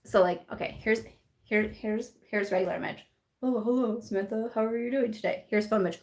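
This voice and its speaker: A woman's voice: on the high side, fairly even intonation, a little fast, a little mellow. Giggly young woman chatting live. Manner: bubbly, giggly, lots of "like" and laughter. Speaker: beauty vlogger hosting a live chat. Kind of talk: casual live-stream chat reading comments.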